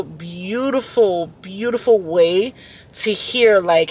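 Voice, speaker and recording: Woman vlogger, mid pitch, earnest and emotional self-talk, recorded in a car. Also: slow pace, a little mellow. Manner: emotional, earnest, repeats words. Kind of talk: heartfelt self-talk vlog. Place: inside a car.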